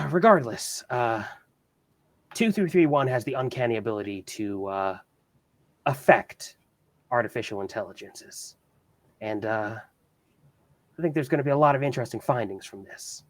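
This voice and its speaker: A man voicing a doctor who reads a clinical research log aloud, with hesitant pauses. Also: mid-range voice, dry recording, natural voice. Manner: dry clinical report, hesitant fillers. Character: male scientist recording a clinical research log.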